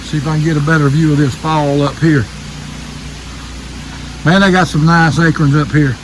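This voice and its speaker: A man's voice: a little high, fairly even intonation, moderate pace, slight background noise, rough recording. An older man, rambling in a folksy way while filming himself hiking a wooded trail, a little out of breath. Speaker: RV vlogger. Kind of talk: casual hiking vlog narration. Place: wooded trail outdoors by a waterfall. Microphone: handheld camera while hiking.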